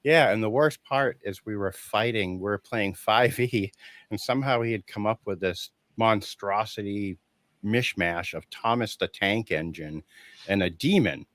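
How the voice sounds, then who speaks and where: A man's voice: lowish voice, unhurried, no room sound. A man speaking as an interview guest, telling a personal story with feeling, acting out what people said and laughing often. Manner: animated storyteller who acts out quoted dialogue, laughing often. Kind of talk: casual conversation.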